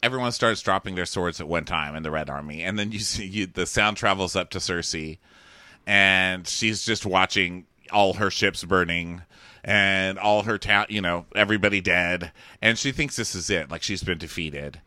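A young man co-hosts a podcast and retells events in a playful, giggly way. His low voice has a bright, forward edge. The recording is dry and close. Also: normal speed, dry recording. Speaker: podcast co-host. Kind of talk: casual chat recapping a TV episode.

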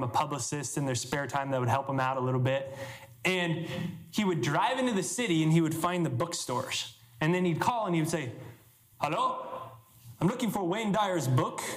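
Echoey man telling a story on stage. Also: a little high. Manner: animated, many "like" fillers, acts out quotes. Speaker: motivational speaker. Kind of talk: live seminar storytelling. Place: event hall with an audience. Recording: echoey hall recording.

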